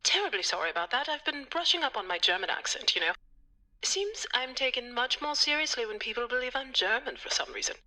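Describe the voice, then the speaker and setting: A woman's voice: high-pitched, lively intonation, a little fast, pushed and bright, exaggerated voice, rough recording. An actress voicing a snobbish female psychiatrist who puts on a German accent and talks down to servants. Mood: haughty. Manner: haughty, condescending. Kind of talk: video game voice acting.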